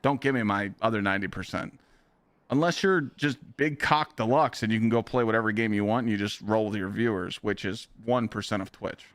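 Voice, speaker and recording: A man's voice: fairly low pitch, fairly quick, hardly any pauses, no echo. A man streaming live, ranting bluntly and heatedly with lots of swearing.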